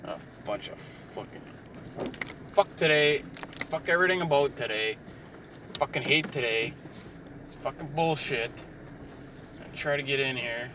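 A man's voice: mid-range voice, normal speed, long pauses. A man ranting in a frustrated, profane and rambling way while driving and parking his car. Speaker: vlogger. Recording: distant mic with clear car road noise.

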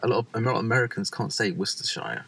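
A young man, chatting casually as a vlog co-host, animated and swearing freely. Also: fairly low pitch, rapid-fire, gravelly, husky. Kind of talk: casual chat.

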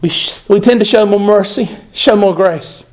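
High-voiced preacher man hammering his point. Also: normal speed, darkish tone. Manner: emphatic, repeats phrases for stress. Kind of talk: sermon.

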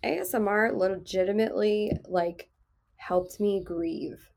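A woman in her thirties hosts a casual podcast chat in a soft, soothing voice. She speaks frankly, swears freely and laughs often, at a medium pitch. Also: unhurried, gravelly. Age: 30s. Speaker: podcast host.

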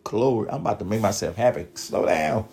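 A male preacher giving a sermon, reading scripture verses slowly and breaking in with exclamations and calls to his listeners. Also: fairly low pitch, lively intonation, a little mellow.

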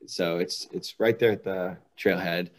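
A man with a low voice and fairly even intonation chats casually on a podcast at a measured pace, telling vivid anecdotes and laughing as he goes.

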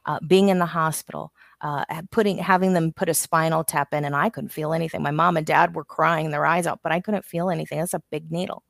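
Brief: middle-aged woman, lowish pitch, dry close mic, frank chatty guest. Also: steady tone, quick pace, vocal fry, few pauses, dry recording. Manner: candid, storytelling, self-interrupting. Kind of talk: casual chat.

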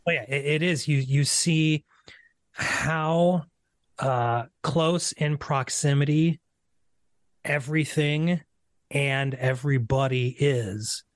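A man guesting on a podcast, talking in a halting way with many fillers. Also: on the high side, fairly even intonation, no room sound. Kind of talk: casual film discussion.

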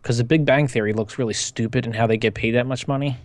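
A man co-hosting a podcast in casual chat, blunt and joking, with quick opinions. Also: medium pitch, steady tone, no echo. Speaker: podcast co-host.

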